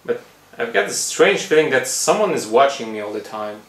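A man's voice: medium pitch, big pitch swings, moderate pace, roomy sound. Theatrical man talking to himself. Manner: theatrical, exclaiming, swearing. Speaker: comedy sketch creator. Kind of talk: acted comedy sketch, talking to himself.

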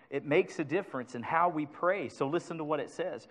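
A pastor preaching a sermon to his congregation, swinging from loud urgency to hushed asides and asking them for agreement. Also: a little high, a little fast, hardly any pauses.

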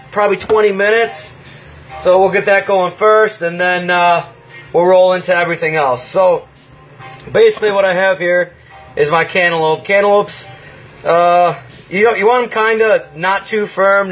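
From his kitchen, a man hosts a casual home cooking livestream, laid-back and chatty as he walks through each step with plenty of pauses and fillers. His voice sits high with a fairly bright tone, and the recording is rough.

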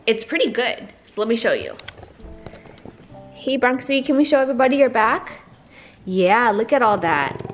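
Young woman, fairly high voice, casual home vlog, sweet-talks her dog, faint music under her. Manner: coaxing baby talk to a pet, chatty asides to viewers. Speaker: vlogger and dog owner.

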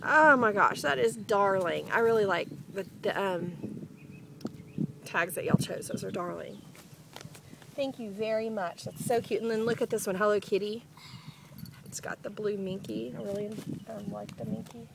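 A young woman, gushing and excitable as she chats casually through an unboxing vlog. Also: mid-range voice, normal speed, gravelly, noisy background. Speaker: vlogger.

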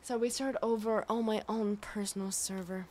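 A woman's voice: medium pitch, fairly even intonation, normal speed, mellow, a little hiss or hum. A woman streaming a game live, chatting casually, swearing freely and talking back to the game and her chat.

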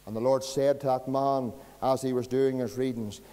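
A man with a Northern Irish accent preaches a sermon as pastor, with a folksy, storytelling delivery. His voice sits at a middling pitch. The sound carries a long church reverb. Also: steady tone, normal speed, few pauses, dark tone.

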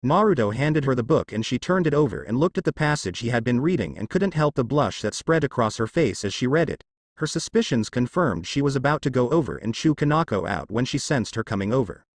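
A man reads a fanfiction story aloud as an audiobook narrator. His pitch is animated and expressive, and his voice sits in the middle range. The sound is dry and close, with no room echo. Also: brisk.

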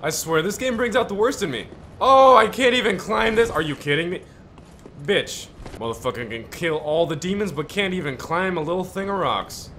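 Loud, cursing man gaming. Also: sits high, lively intonation, normal speed, slight background noise. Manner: loud, profane, screaming reactions to the game; mock-heroic asides. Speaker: gaming YouTuber. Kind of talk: let's play commentary.

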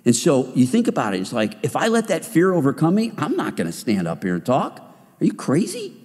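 A man preaching to a men's group in a casual, conversational way, acting out little quotes along the way. His pitch swings widely as he talks. The sound carries a long hall reverb. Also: a little fast. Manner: animated and conversational, acts out quotes. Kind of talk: sermon-style talk.

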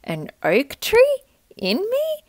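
A tiny, timid acorn boy in a storybook, squeaking his worried questions in a high, bouncing voice, as a woman puts him on. The voice swoops far upward when he is frightened. It sounds close and dry. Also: sing-song, slow, no echo, exaggerated voice. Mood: fearful. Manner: high, anxious, wondering. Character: small timid young male acorn.

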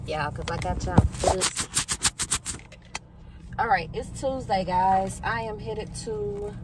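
A woman's voice: medium pitch, far from the mic, noisy background. A middle-aged woman vlogging casually while driving, candid and chatty, swearing freely. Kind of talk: casual vlog talk. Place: in a car, driving.

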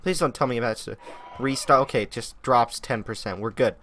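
A young man giving excitable let's-play commentary on a modded game, talking to the animals on screen. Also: medium pitch, brisk, dry recording. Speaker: gaming youtuber.

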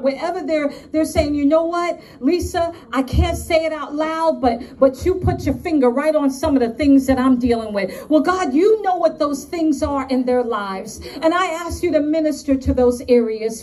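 A woman with a New York accent preaches and prays at a conference, her high, darkish voice sounding far from the mic in the hall. She's fervent, piling up emphatic, repeated lines in lists.

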